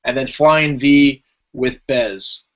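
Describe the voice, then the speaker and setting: A man's voice: medium pitch, takes it slowly, lo-fi sound. A man hosting a casual podcast who rattles off team lists and chats about each team. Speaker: podcast host.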